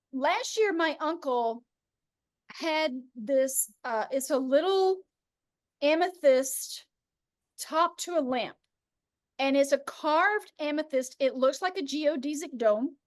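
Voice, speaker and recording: High-voiced animated woman telling stories. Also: no room sound, clean studio sound. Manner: animated storyteller, acts out voices in quotes. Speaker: host. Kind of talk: casual spiritual chat.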